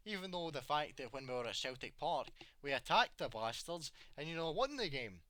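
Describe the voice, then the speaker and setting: A man's voice: medium pitch, sing-song, fairly quick, hardly any pauses, pushed and bright, no echo, clean studio sound. A young man giving an exasperated, sweary rant about his football club, full of rhetorical questions. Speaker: football fan vlogger. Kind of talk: angry opinion rant.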